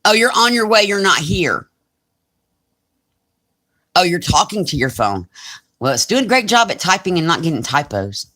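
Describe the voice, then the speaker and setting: A woman's voice: on the low side, sing-song, moderate pace, long pauses, fairly bright tone. A woman in her forties with a Southern US accent, chatting casually on a crafting live stream and reading comments aloud. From Alabama, US. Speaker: crafting channel host.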